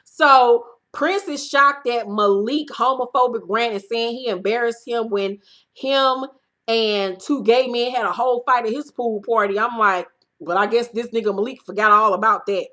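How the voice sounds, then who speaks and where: Lady doing a sassy profane show recap, voice kinda high and bright. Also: moderate pace. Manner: blunt, profane, sassy commentary; acts out her own reactions in a high voice. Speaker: host. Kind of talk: casual reality-show recap.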